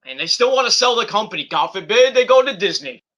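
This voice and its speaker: A man's voice: sits high, lively intonation, fast, pushed and bright, lo-fi sound. A middle-aged man hosting a livestream, ranting casually and profanely with sarcastic mock quotes. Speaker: streamer host.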